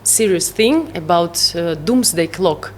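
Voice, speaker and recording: A woman with a Russian accent talking as a guest in a casual interview. Her first language is Russian, and she talks haltingly, hunting for English words and laughing often. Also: on the low side, animated, slight background noise. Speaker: psytrance producer, guest.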